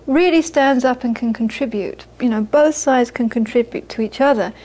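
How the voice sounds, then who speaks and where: High-voiced woman giving a dharma talk. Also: normal speed, mellow, poor audio. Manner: conversational and repetitive, often laughing. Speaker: Buddhist teacher. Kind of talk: informal dharma talk to an audience.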